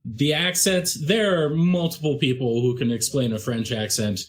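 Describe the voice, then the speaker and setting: A man's voice: medium pitch, steady tone, normal speed. A man in a casual podcast chat, explaining things in a modest, self-deprecating way. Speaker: actual-play podcast cast member.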